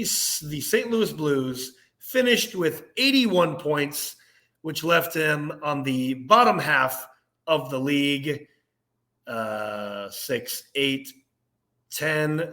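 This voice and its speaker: A young man co-hosting a casual sports podcast, ranting with animated energy and laughing at himself. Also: on the high side. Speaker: podcast co-host.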